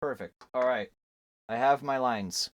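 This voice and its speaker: A man's voice: mid-range voice, measured pace, no echo. Young man, streamer, casual rambling chat, joking, self-mocking, dry close sound. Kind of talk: casual chat while drawing.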